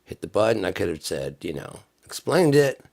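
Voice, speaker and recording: A man chatting on a live stream about music practice, rambling and sarcastic, sometimes breaking into mock-angry yelling. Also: deep voice, big pitch swings, moderate pace, gravelly.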